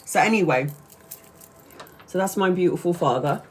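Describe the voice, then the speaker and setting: A woman's voice: on the low side, expressive, moderate pace, a little hiss or hum. A chatty woman from Brazil hosts a casual livestream. She laughs often and keeps restarting her sentences as she talks. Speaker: tarot reader livestream host.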